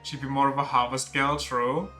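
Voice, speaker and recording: A playful streamer giving casual commentary during a game, chatting and joking between story lines. The voice is bright and forward. Quiet game music sits underneath. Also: mid-range voice, flat delivery, normal speed. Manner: playful, chatty asides, laughing at own voices.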